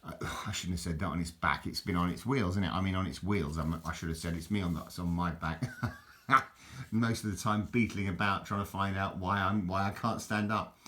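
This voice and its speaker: A rambling older man with a southern English accent talks to camera in a low voice, chuckling and wandering from thought to thought. He repeats words and restarts sentences as he goes. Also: steady tone, fairly quick, sharp tone. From southern England. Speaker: vlogger. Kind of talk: rambling casual chat to camera.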